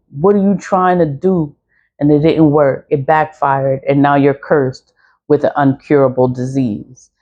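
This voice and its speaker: Speaking in a medium-pitched, dark voice with the high frequencies cut off, a person in their forties who sells spiritual cleansing products chats informally about cleansing. The voice sits between typical male and female ranges, and the tone is blunt and preachy, with repeated points and unrestrained swearing.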